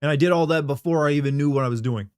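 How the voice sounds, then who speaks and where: A man's voice: fairly high pitch, racing, a little mellow, smooth, no room sound, studio quality. A young man live-streaming a game, rambling casually and joking with viewers, with a profane, self-mocking way of talking.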